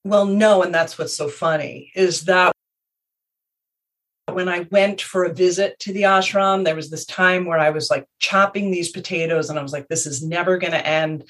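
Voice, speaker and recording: A woman guest speaking in a measured, reflective way, telling personal stories in a conversation. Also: on the low side, fairly even intonation, fairly bright tone.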